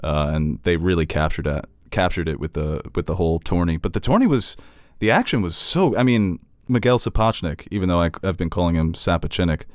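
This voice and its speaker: A man co-hosting a podcast in casual chat, animated and quick to swear and laugh, with a Long Island accent. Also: deep voice, no room sound, clean studio sound. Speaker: podcast co-host.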